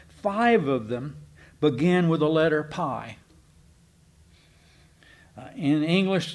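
A man giving a folksy, digressive Bible teaching to a congregation, slowing down to stress key words. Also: on the high side. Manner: folksy and digressive, slows down for emphasis. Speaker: preacher.

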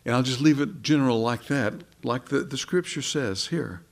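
Gravelly-voiced impassioned male preacher. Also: mid-range voice, moderate pace, few pauses. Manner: impassioned, rising and dropping to soft. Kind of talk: sermon.

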